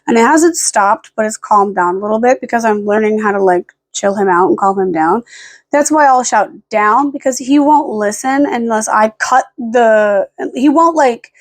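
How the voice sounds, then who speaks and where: A tired woman vlogging at home late at night, rambling and swearing, snapping sharp commands at her dogs. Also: on the high side, normal speed, dry recording. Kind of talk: casual vlog talk.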